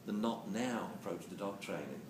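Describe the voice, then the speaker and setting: Male lecturer, animated and jokey, pitch swinging widely, caught on a far-off mic in a roomy hall. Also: moderate pace. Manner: animated, jokey, acts out quotes. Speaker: dog training lecturer. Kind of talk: lively live lecture to an audience. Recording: roomy, distant camera mic with hiss.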